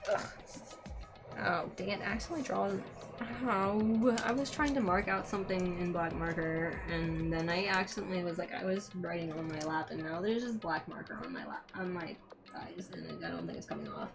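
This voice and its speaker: A woman's voice: lowish voice, normal speed. Woman gamer, scattered, rambling commentary with plenty of swearing; game music playing behind her. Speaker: let's play gamer. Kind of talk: casual gameplay commentary.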